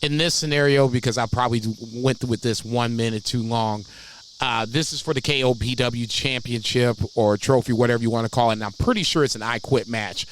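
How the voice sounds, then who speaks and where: A man's voice: medium pitch, steady tone, fairly quick, a little hiss or hum, poor audio. A man co-hosting a wrestling podcast in casual chat, profane and laughing often. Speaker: podcast co-host.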